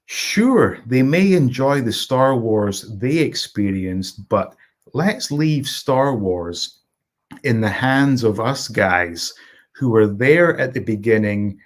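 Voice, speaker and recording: A middle-aged Scottish man with a medium-pitched voice hosts a casual live stream, reading viewer comments aloud and greeting chatters by name.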